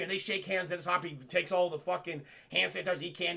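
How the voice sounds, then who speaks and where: Male streamer, casual sarcastic film recap, profane; high, gravelly. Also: fast, sharp tone. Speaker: film reviewer streaming to a live chat. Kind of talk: casual commentary.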